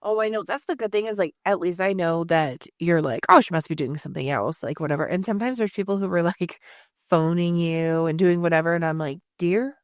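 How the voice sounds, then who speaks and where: A woman in her thirties with a lowish voice, talking casually on a podcast. She rambles through stories, drops curse words and laughs a lot. The sound is close and dry. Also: fairly quick, darkish tone, smooth, dry recording. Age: 30s. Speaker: podcast co-host. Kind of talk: casual chat.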